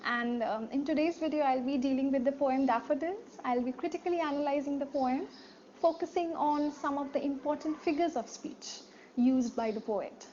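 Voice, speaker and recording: High-voiced woman teaching a poem. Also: normal speed, mellow, dull audio, slight background noise. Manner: explanatory, repeats key words, asks rhetorical questions. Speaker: literature teacher. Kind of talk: poetry analysis lesson.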